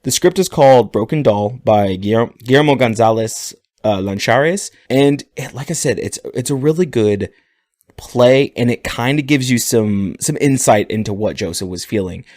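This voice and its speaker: A man co-hosting a podcast, telling a story in a relaxed, casual way. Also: medium pitch, normal speed, dry recording. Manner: relaxed storytelling, laughing often. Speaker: podcast co-host.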